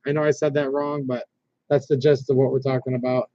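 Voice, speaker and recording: A man's voice: medium pitch, steady tone, fast, warm tone, no room sound. Rambling man hosting a casual livestream. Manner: rambling, reads viewer comments aloud, frequent restarts. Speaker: livestream host. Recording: dull lo-fi stream audio.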